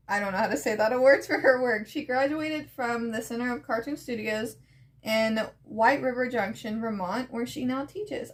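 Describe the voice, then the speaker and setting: Woman streamer reading a comic out loud and reacting, soft-spoken, kinda emotional, voice on the higher side. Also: moderate pace.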